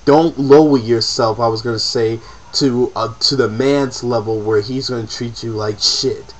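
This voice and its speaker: A man's voice: mid-range voice, steady tone, a little slow, rough recording. A man in an emotional, profane personal rant to camera, repeating himself as he presses his point. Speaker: vlogger.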